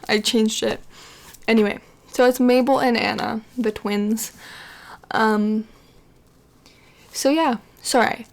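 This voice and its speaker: Chatty woman narrating her game. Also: fairly high pitch. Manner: rambling, many fillers, chatty asides. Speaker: gameplay commentator. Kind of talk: casual game commentary.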